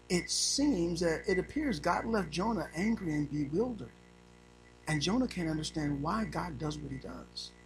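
A male preacher giving a sermon, moving between quiet storytelling and loud, rising preaching while reading scripture aloud. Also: high-pitched, poor audio. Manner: reads scripture in old-fashioned wording.

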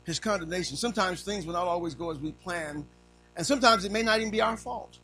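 A male pastor preaching in a high, gravelly voice. His tone is bright and edged, and he swings from low, quiet lines up to raised cries. Faint music plays behind him. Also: quick pace, low-quality recording. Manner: preaching with sweeping pitch swings, rising to cries. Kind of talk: sermon.

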